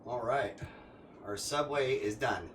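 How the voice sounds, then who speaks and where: A man streaming casual gameplay commentary who rambles with many fillers and restarts and gets excited and loud about cars. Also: medium pitch, takes it slowly, noisy background.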